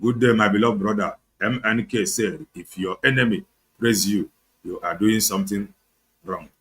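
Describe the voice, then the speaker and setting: Here the Nigerian, Igbo-accented host speaks in a fairly low, somewhat bright voice at a moderate pace. He gives heated, sarcastic political commentary on his online show, moving back and forth between English and Igbo.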